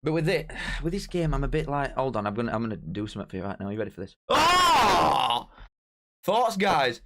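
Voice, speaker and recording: A young man hosting a live stream, talking straight to his chat in an excitable, bantering way. His voice sits at an ordinary middle pitch for a man. He keeps things casual and jokey. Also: rapid-fire.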